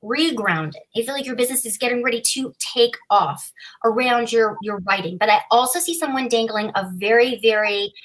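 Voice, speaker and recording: A woman's voice: a little high, normal speed, rough recording. A woman giving a live psychic reading, chatty and playful. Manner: chatty, playful, warm reassurance. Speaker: psychic reader.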